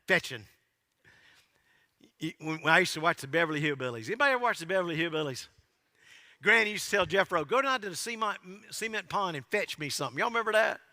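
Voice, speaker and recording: A man preaches to his congregation in a folksy, joking way, his voice high and ringing sharp. His pitch swoops up and down as he tells the story. The sound carries the long reverb of a big church hall. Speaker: pastor. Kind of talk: sermon. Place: church sanctuary.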